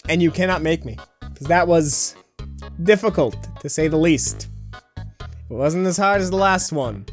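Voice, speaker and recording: Exasperated man, lively voice. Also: high-pitched. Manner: giggly, exasperated asides. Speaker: YouTube host. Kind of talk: casual comedic commentary.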